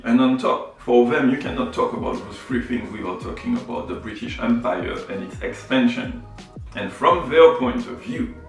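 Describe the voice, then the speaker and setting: A man's voice: mid-range voice, very echoey, recorded from a distance, poor audio. A man from Martinique who runs a photography channel, explaining his views in a reflective vlog, often checking in with "right?" and "you know". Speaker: photography YouTuber.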